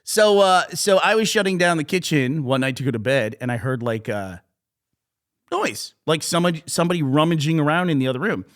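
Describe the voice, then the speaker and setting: A man's voice: on the high side, a little fast. A middle-aged man co-hosting a podcast, telling a rambling story in casual chat. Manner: rambling storyteller, animated retelling. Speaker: podcast co-host.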